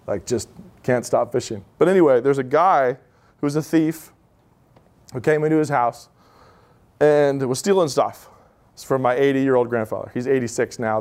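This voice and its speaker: Addressing an audience informally, this speaker in his thirties spins stories in a chatty manner, full of asides. He has a mid-range voice with a darkish tone, speaking at a live event.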